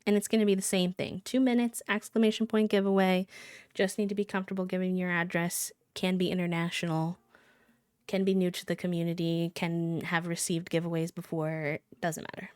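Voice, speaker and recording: A woman's voice: on the low side, flat delivery, a little fast, darkish tone, smooth, dry recording. A woman live streamer chatting casually and playfully with her viewers, breaking into sing-song countdowns.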